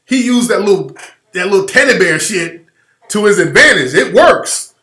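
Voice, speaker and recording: Animated, profane storytelling man. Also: high-pitched, normal speed. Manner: loud, profane, animated riffing. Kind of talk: comedic storytelling on a podcast. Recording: roomy studio echo.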